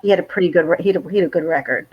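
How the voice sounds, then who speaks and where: A woman talks as a guest in an earnest, halting way. Her voice sits fairly low and sounds husky. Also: dull audio. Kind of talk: casual chat.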